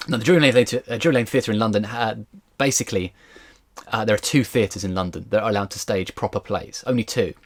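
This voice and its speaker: A man, a historian, giving a casual storytelling lecture in a lively, chatty way with asides. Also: lowish voice, quick pace.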